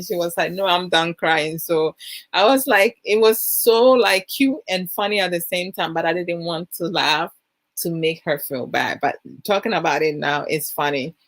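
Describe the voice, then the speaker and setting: A Ghanaian woman with a lowish voice talks through a family story in a relaxed, rambling way, filling her sentences with "you know" and "I'm like". She jumps up in pitch when she acts out her own questions to her child. The sound is close and dry, with no room behind it. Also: no echo. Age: adult mother of a young child. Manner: chatty, many fillers like "you know" and "I'm like". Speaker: host sharing parenting advice. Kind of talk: casual storytelling monologue.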